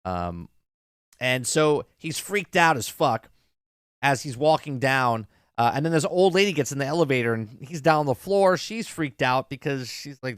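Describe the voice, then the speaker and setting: A man's voice: mid-range voice, moderate pace, clean tone, no room sound, studio quality. A man in his thirties casually retelling a TV episode, rambling with lots of fillers. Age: 30s. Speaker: show reviewer.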